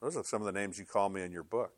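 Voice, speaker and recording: An older man preaching a sermon as a pastor, telling stories with lively voice changes as he acts out inner dialogue. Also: lowish voice, rapid-fire, dry recording.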